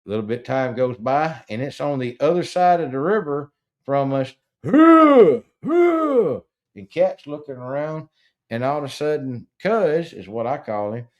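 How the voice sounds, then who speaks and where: A man's voice: mid-range voice, normal speed, darkish tone. A man telling a rambling, profane, folksy story in casual chat, with frequent stammered restarts. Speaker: podcast host.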